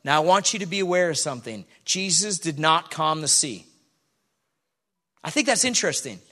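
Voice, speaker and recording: High bright-voiced animated male preacher. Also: moderate pace. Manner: animated, acts out the people in the Bible story. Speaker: pastor. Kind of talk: sermon with scripture reading.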